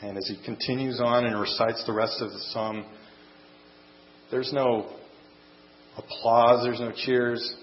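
A man preaching a sermon and closing in prayer, earnest and measured, speaking in short phrases. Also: mid-range voice, flat delivery, reverberant. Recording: dull lo-fi sound with faint mains hum.

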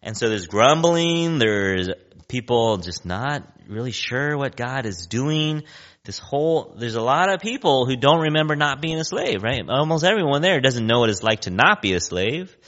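A male pastor delivers a chatty sermon, his voice bright and swinging widely in pitch. He often pauses to ask "right?" The recording sounds a bit dull and lo-fi. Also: animated. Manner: conversational, keeps asking "right?".

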